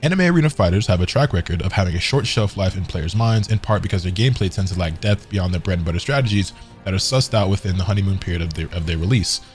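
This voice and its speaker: Casual game commentator, male, low voice, quick, hiccuping, faint music bed. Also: animated. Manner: casual, filler-heavy rambling. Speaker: gaming commentator. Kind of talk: reading an article and commenting.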